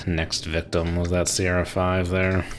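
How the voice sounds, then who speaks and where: Deep-voiced man streaming a naval game. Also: monotone, unhurried, a little hiss or hum. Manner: chatty, laughs often, talks to himself. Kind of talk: casual gameplay commentary.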